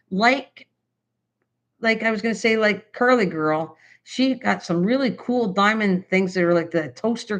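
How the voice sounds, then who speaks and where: An older woman with a Canadian accent, hosting a casual live-stream chat about crafts, rambling with lots of fillers and restarts, hyper and excited. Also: mid-range voice. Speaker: craft channel host.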